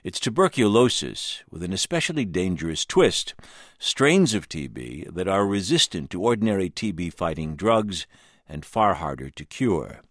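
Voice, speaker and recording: A male news anchor giving a crisp, authoritative scripted introduction. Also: low-pitched, big pitch swings, normal speed, no room sound, clean studio sound.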